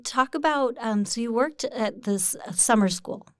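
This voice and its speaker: A woman's voice: a little high, moderate pace, no echo. Chatty woman host, dry sound. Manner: friendly, chatty, many fillers. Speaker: interviewer, host. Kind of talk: casual interview.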